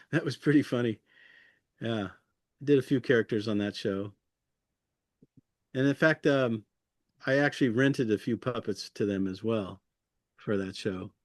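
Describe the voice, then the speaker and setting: A man's voice: medium pitch, measured pace, pauses often, no room sound, clean studio sound. A man who works as a puppeteer, chatting casually as an interview guest, chuckling often and rambling loosely through his memories.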